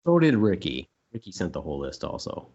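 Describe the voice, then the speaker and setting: A man's voice: deep voice, huge pitch swings, fairly quick, darkish tone, highs cut off. A man co-hosting a casual podcast chat, rambling and joking, now and then repeating silly words in put-on voices. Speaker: podcast co-host.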